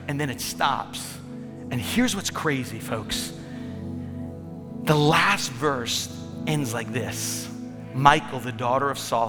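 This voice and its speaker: A man preaching a lively sermon as pastor, grew up in the northern US, with quick repeats and asides to the congregation. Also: medium pitch. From northern United States. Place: large church hall. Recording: church hall reverb with soft music.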